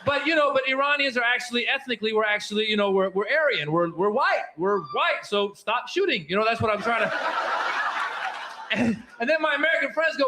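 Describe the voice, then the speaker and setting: High-pitched guy doing a standup set, laughs a lot, loud noise behind him. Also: fairly quick. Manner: animated, jokey, laughing through lines. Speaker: stand-up comedian. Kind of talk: stand-up comedy routine.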